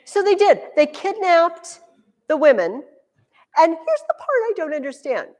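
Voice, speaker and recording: A woman teacher giving a classroom history lesson, telling the story in an animated, joking way. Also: very high-pitched, unhurried. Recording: echoey room with long reverb.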